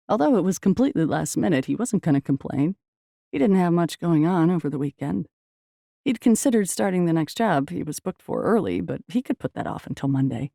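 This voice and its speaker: A woman reading a romance novel aloud in an even, measured storytelling manner. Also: lowish voice, creaky, no echo, clean studio sound. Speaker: audiobook narrator. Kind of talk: scripted narration.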